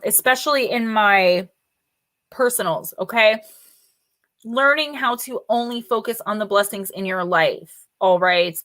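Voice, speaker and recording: A woman's voice: mid-range voice, fairly bright tone. A woman hosting a live oracle card reading stream, talking casually and informally and calling out viewers by name. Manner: chatty and informal, with loose fillers and mild swearing.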